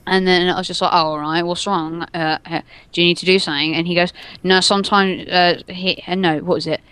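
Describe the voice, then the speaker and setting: A woman's voice: fairly low pitch, fairly even intonation, a little fast, a bit bright, clean tone, no room sound. A young adult woman telling a story in casual chat, rambling and giggling, stringing everything together with "and then". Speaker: podcast co-host telling a story.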